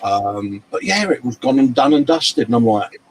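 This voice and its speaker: At a hobby workshop bench, a live-show host with a mid-range voice and big pitch swings reads out viewer comments at a normal speed, calling people "mate" and "love" in a chatty, matey way. He sounds tired from lack of sleep, and there's background noise behind him.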